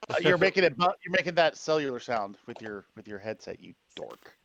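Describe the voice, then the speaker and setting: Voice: medium pitch, big pitch swings, gravelly, muffled recording, a loud crowd. A podcast co-host in casual esports chat, teasing the others. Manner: teasing, quick. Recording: noisy voice chat line.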